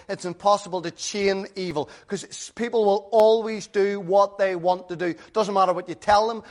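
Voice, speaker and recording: A man preaching a sermon in an earnest, conversational way, full of rhetorical questions. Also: high voice.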